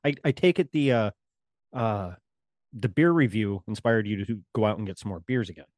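Low-voiced man with quick questions. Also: darkish tone, dry recording, studio quality. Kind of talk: casual chat.

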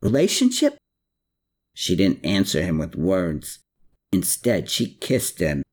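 A man reading a novel aloud in a measured storytelling manner. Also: low-pitched, darkish tone. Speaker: audiobook narrator. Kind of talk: scripted narration.

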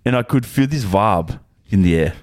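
A rowdy young South African rugby tourist with a thick Afrikaans accent, as a man puts him on, telling a wild story with boisterous relish. The put-on voice is pitched higher than the man's own low voice. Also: lively intonation, normal speed, natural voice. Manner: boisterous, storytelling, reading a letter aloud. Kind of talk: comedic read-out in a put-on accent.

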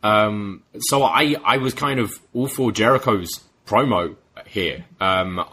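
A man's voice: lowish voice, takes it slowly, sharp tone, husky. A man co-hosting a podcast, giving laid-back opinions on a wrestling show. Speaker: podcast co-host. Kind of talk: casual wrestling recap chat.

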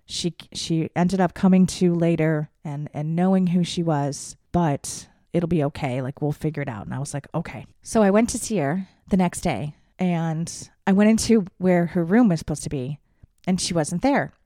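A woman's voice: on the low side, normal speed, dark tone, no room sound, studio quality. A young adult woman hosting a podcast, telling a personal story candidly, swearing freely and acting out what people said. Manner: candid, swears freely, acts out quoted voices. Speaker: podcast host.

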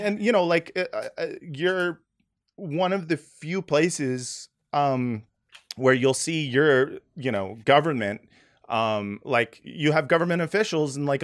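A man hosting a casual podcast chat, talking in loose, rambling stretches full of fillers. His voice sits a little high for a man, and he breaks into laughter easily. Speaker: podcast host. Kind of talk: casual conversation.

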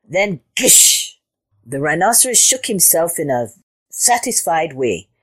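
Expressive husky woman storyteller. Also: sits low, moderate pace. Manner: expressive, with sound words. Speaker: storyteller host. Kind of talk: children's storybook read-aloud.

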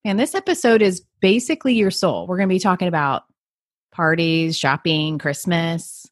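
A woman's voice: fairly low pitch, moderate pace, no echo, clean studio sound. A woman co-hosting a podcast in casual, upbeat chat, laughing easily and talking about her kids. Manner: upbeat, easygoing, laughs often. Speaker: podcast co-host; mother.

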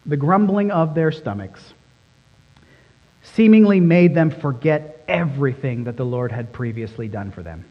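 A man's voice: on the high side, expressive, measured pace, highs cut off. A man preaching a sermon as pastor, emphatic and fond of repeating phrases for stress. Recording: long reverb in a large hall.

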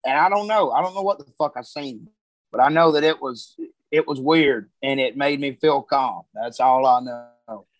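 A man's voice: medium pitch, normal speed, no echo, low-quality recording. A man telling a story in casual, profane talk, full of Southern grammar and heavy cursing.

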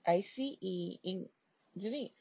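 A woman tells her own story at an unhurried pace, in a dark, gravelly voice with a husky edge. Her talk is casual and peppered with swearing and fillers. The recording sounds dull and lo-fi. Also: mid-range voice, no echo. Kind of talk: casual personal story telling.

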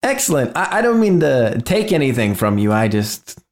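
A man's voice: medium pitch, sing-song, normal speed, close to an everyday voice. A man voicing a sly robed stranger who is falsely friendly and makes veiled threats.

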